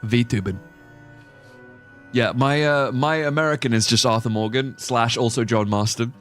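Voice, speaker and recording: A man's voice: mid-range voice, expressive, slow pace, fairly bright tone, soft background music. A young man streaming a game, chatting casually and thinking aloud as he plays. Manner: rambling, thinking aloud with fillers. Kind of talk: casual live-stream chat.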